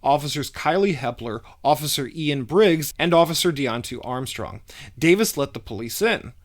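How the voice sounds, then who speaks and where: A man reading a scripted news report in a measured, formal way. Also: a little high, expressive. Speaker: reporter narrating a news story.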